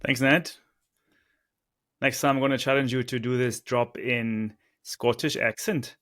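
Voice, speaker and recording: A man's voice: mid-range voice, fairly even intonation, unhurried, a bit bright. A man co-hosting a podcast, joking a little and then signing off the episode. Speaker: podcast co-host. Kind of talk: casual podcast sign-off.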